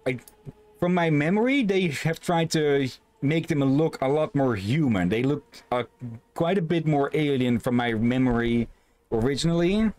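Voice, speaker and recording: A man's voice: on the high side, lively intonation, moderate pace, darkish tone. A man streaming and casually commenting on a game, hesitant and restarting his sentences. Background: game audio.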